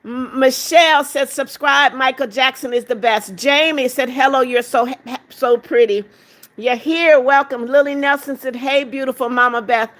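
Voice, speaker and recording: A woman's voice: sits high, steady tone, normal speed. A woman hosting a livestream, reading viewers' comments aloud and calling them darling while she counts out gifts. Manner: affectionate, calls viewers darling; counts gifts out loud, laughing. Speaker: livestream host. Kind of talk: reading live chat aloud.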